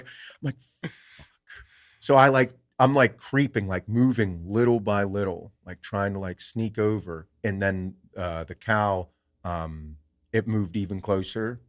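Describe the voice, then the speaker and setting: Profane, animated low-voiced man storyteller. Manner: animated, swears freely. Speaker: podcast host. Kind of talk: casual storytelling.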